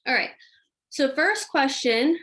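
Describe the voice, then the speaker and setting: A woman hosts a live Q&A on a video call, offering parenting advice in a casual, chatty way with frequent fillers. Her voice is high, animated, and fairly bright, and she speaks at a slow pace.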